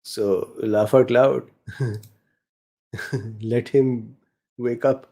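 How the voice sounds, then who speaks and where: Middle-aged male host, non-native accent, relaxed mellow delivery, casual live Q&A reading viewer chat. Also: mid-range voice, extremely slow. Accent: non-native English accent. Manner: reads chat questions aloud, frequent fillers, chuckles. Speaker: host answering viewer questions.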